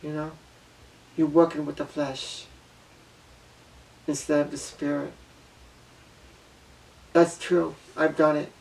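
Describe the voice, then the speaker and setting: Gravelly, earnest man talking from afar. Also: a little high, little pitch movement, slow, pauses often, a little mellow. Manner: earnest, emotional, repeats himself, apologetic. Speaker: vlogger. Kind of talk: personal monologue to camera. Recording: voice distant from the mic.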